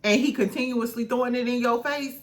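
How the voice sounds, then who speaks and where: A woman's voice: fairly high pitch, steady tone, a little fast. A woman recapping a reality show in casual chat, candid and swearing freely, laughing often.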